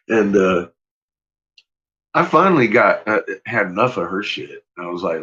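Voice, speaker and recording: A man's voice: lowish voice, expressive, moderate pace, long pauses, fairly bright tone, dull audio. A man casually telling a personal story, swearing freely and laughing often as he talks.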